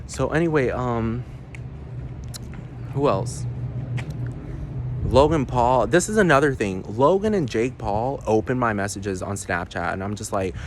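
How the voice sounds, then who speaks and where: A man's voice: medium pitch, lively intonation, normal speed, noisy background. A man ranting to the camera in a profane, rambling vlog monologue, often asking the viewer if they understand. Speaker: vlogger.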